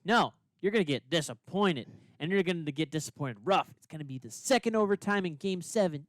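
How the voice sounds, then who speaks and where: A man's voice: high-pitched, lively intonation, a little fast, hardly any pauses, no echo. A young man co-hosting a casual hockey podcast, teasing and sarcastic. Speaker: podcast co-host.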